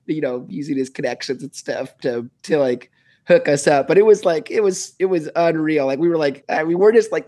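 A man's voice: on the high side, a little mellow. A man, a musician being interviewed, talking in a rambling, casual way with many fillers. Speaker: musician guest.

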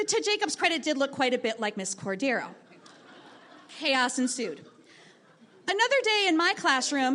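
A woman teacher telling a lively story from her classroom to an audience, acting out the voices of the people in it. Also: high-pitched. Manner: lively, animated storytelling with acted quotes.

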